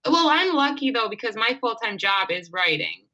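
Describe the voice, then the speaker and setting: A woman author chatting as an interview guest, often laughing and poking fun at herself in quick asides. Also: fairly high pitch, big pitch swings, pushed and bright, poor audio. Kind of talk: casual interview chat.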